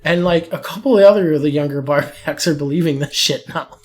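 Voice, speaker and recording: Young male co-host, slightly raised pitch, allergy-stuffed, profane and animated storyteller. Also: fairly quick. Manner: profane, laughing storyteller acting out quotes. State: allergies, swollen eyes. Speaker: podcast co-host. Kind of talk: casual storytelling chat.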